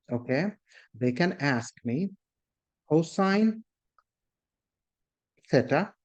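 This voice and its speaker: A man with a slightly high voice and darkish tone teaches a math class as a lecture. He explains things step by step, calls his students "guys," checks in with them often and invites their questions.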